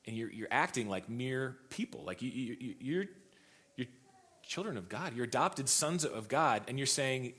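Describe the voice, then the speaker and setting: A man's voice: mid-range voice, expressive, normal speed, fairly bright tone. A young adult man preaching a sermon as pastor, telling stories in a casual way with many restarts and repeated words.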